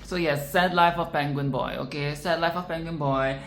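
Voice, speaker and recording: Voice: medium pitch, moderate pace, a little hiss or hum. Dramatic, profane film-reaction vlogger. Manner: dramatic, animated and profane, repeats phrases for emphasis. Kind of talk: casual film commentary. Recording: roomy echo with faint ambience.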